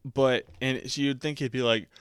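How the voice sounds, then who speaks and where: A man in his twenties chatting casually about a movie, rambling and self-mocking, often breaking into squeaky high put-on voices. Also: fairly bright tone, clean tone, no echo, clean studio sound. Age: 20s. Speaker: podcast host reviewing a movie.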